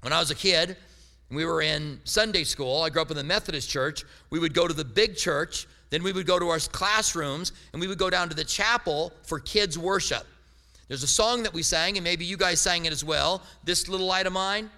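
Middle-aged male pastor, humorous storyteller, forceful tone. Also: on the high side, normal speed, big-room sound. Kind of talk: sermon.

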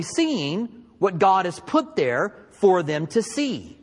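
A man teaching from the Bible in a conversational, animated preaching style with emphatic asides. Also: high voice, normal speed, few pauses, husky, long reverb tail. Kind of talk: sermon.

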